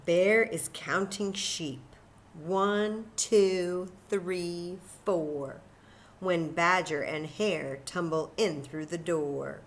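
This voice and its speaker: A woman librarian reading a picture book aloud at children's story time, animated and enthusiastic, talking to the kids. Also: lowish voice, extremely slow.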